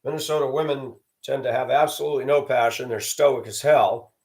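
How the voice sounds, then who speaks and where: A man from the American South addresses his channel in a judgmental, sarcastic rant, driving points home by repeating them. He talks briskly, with a darkish, medium-pitched voice and fairly even intonation.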